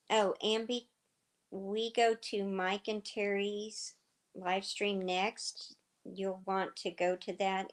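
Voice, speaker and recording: Slow-talking slightly hoarse woman host. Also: fairly low pitch. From southern United States. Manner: chatty, rambling storyteller with many fillers. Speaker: livestream host. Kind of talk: casual chat with viewers.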